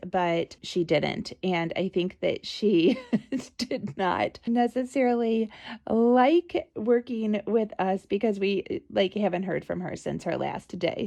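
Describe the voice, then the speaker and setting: A woman's voice: mid-range voice, creaky, dark tone. A woman hosting a casual solo podcast, telling a story in a chatty, conversational way with many asides, recorded at home on a close mic. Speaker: podcast host and parent advocate.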